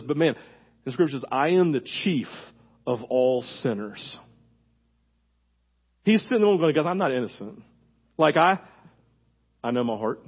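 A man preaching a conversational sermon as pastor, animated and casual, full of fillers, his voice leaping up when he gets fired up. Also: high-pitched, breathy edge, muffled recording.

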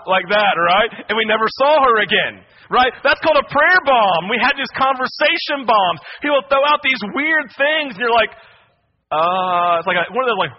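A young man preaching a sermon, telling stories in a lively way and often asking "right?" to his listeners. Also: sits high, a little fast. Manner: animated storytelling with asides like "right?". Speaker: pastor. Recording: dull lo-fi audio.

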